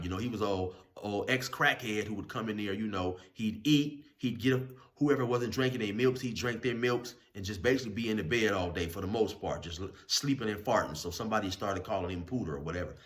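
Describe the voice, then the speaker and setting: Low-voiced man, laid-back host spinning a rambling story in street slang. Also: sharp tone. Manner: rambling, loose street slang, many fillers and restarts. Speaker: channel host telling prison stories. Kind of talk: casual spoken storytelling.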